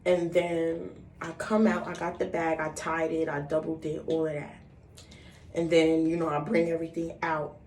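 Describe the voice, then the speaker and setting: A young woman in her twenties tells a story in a loose, animated way, swearing freely and acting out quotes. Her voice sits on the low side. She sounds a little far from the mic in a reverberant room, with faint noise behind her. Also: moderate pace. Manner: animated, profane, acts out quotes. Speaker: vlogger. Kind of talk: casual storytime. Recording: roomy, distant mic, faint background noise.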